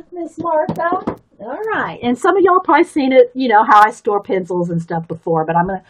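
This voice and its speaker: A woman's voice: medium pitch, quick pace, hardly any pauses, slight background noise, rough recording. A woman hosting a casual art and craft live stream, chatting to viewers and reading their comments, giggly and full of fillers and restarts. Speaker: art and craft livestream host. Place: home craft studio.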